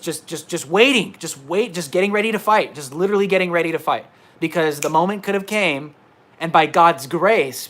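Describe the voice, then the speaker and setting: A man's voice: fairly high pitch, a bit bright. A man reporter ranting emphatically in a livestream monologue from indoors at his laptop, repeating himself. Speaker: independent reporter.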